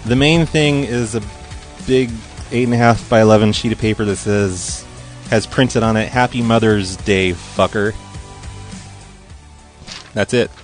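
A man's voice: fairly low pitch, measured pace, pauses often, faint music behind. A man hosting a podcast, chatting casually and rambling as he reads listener mail aloud in a hurry. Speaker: podcast host. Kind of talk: casual monologue.

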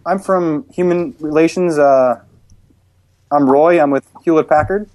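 A man's voice: fairly high pitch, unhurried, a little mellow, dry recording, voice pushed up, lightly acted. A man playing a polite male corporate public relations caller, speaking in a hesitant, scripted way. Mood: overly polite.

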